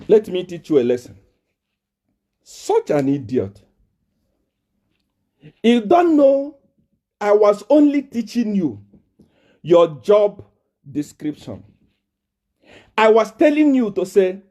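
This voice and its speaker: A man with a Nigerian accent hurls taunts and challenges at a rival. His voice sits high and swings widely in pitch as he presses his points over and over. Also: sing-song, takes it slowly, pauses often. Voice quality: loud, taunting, repetitive. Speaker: preacher. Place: South Africa.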